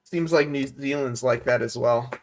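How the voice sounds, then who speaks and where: A man's voice: medium pitch, normal speed, slight background noise. A man hosting a livestream, talking casually and joking while he works on a model kit. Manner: relaxed, joking, thinking aloud while working.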